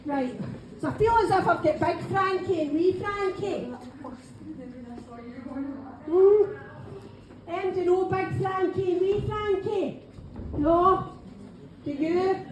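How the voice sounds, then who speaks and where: A Scottish woman with a high voice gives a live mediumship reading in a pub function room. She chats to the audience and keeps saying "right, okay". The room is very echoey with a faint hum of noise behind her. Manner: chatty, keeps saying "right, okay", calls people darling. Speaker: spiritual medium.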